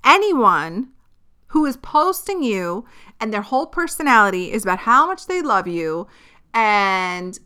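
A woman's voice: medium pitch, unhurried, clear, resonant tone. Blunt, profane young woman podcaster. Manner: blunt, profane, animated venting. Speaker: podcast host. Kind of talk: casual solo podcast rant.

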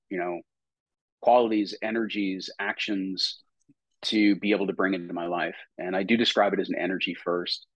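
Male coach, reflective, husky low voice, dry close sound, laughs easily. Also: no room sound, lo-fi sound. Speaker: guest, personal coach. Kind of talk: conversational interview.

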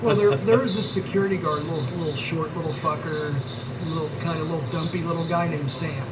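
A man's voice: on the high side, fairly even intonation, a little fast, very noisy. A man hosting a podcast, rambling through profane prank stories and laughing as he goes. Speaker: podcast host. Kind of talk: casual storytelling chat.

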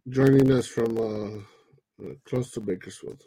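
A man's voice: lowish voice, measured pace, creaky, mellow, breathy edge, rough recording. A young man co-hosting a podcast, chatting bluntly, swearing freely, and mixing in Spanish slang. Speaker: podcast co-host. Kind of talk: casual chat.

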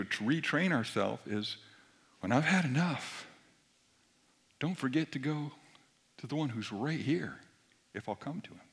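A middle-aged man preaching a sermon, moving between soft near-whispered lines and forceful emphatic passages. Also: mid-range voice, gravelly. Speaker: pastor.

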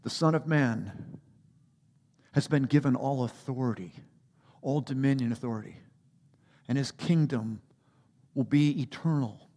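A man preaching a sermon as a pastor, animated, rising to emphatic peaks and dropping to quiet asides. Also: medium pitch, unhurried, pauses often.

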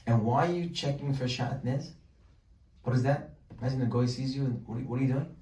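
Rabbi teaching a class in a roomy hall. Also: male voice, medium pitch, fairly quick. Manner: animated, acts out questions and answers in dialogue. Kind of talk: Torah class sermon. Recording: roomy sound, mic at a distance.

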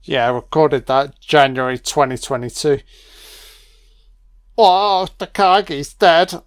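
A drunk man rambling and swearing excitedly through a film commentary. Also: fairly high pitch, slow, clean tone, no echo, clean studio sound. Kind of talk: audio commentary over a film.

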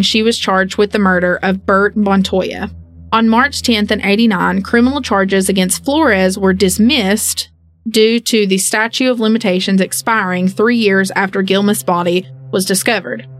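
A woman co-hosting a podcast, reading case details and then slipping into joking asides. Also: mid-range voice. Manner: reads case details, then jokes and acts out people with playful asides. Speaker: podcast co-host. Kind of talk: casual true-crime podcast storytelling.

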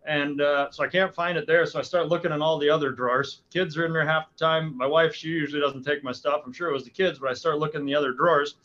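A middle-aged man, a podcast guest, telling a story in a lively, animated way with quick restarts. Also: on the high side, dull audio. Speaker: guest, hunting guide and speaker. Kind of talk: casual storytelling.

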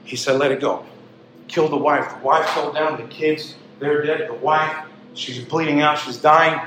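High-voiced preacher in an echoey hall. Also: male voice, steady tone, unhurried, slight background noise. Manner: dramatic, swings from loud to hushed. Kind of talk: sermon storytelling.

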